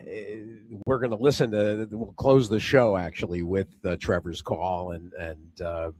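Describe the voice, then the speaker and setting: Slow, halting male radio host. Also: low-pitched, little pitch movement, a little mellow. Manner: halting, many fillers, chuckles. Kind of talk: casual radio chat.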